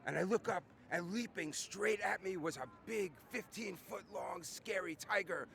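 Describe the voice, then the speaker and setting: A grumpy old British colonel, blustering through a war tale and erupting into shouts, as a man puts him on. The voice sits a little high. It is caught outdoors on a city street. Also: normal speed, creaky. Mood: gruff storytelling.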